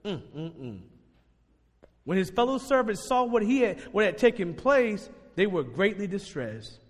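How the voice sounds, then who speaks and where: A man preaching a sermon in a lively, conversational way to his congregation. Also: sits high, measured pace. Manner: animated, conversational, laughs and shouts at peaks. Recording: long hall reverb.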